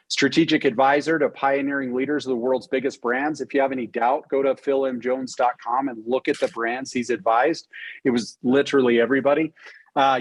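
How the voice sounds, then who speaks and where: Excited guy hosting a podcast from his cabin on a video call, dry close sound, keeps restarting sentences. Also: medium pitch, no room sound, rough recording. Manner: enthusiastic, with frequent restarts and fillers. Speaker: podcast host. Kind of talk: casual interview chat. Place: cabin home in Utah.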